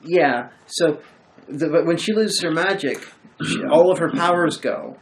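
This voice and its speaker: A man hosting a film review chat, retelling the plot in a rambling, animated way. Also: fairly high pitch, unhurried, slight background noise, poor audio. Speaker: host of a film review show. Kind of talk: casual chat about a film.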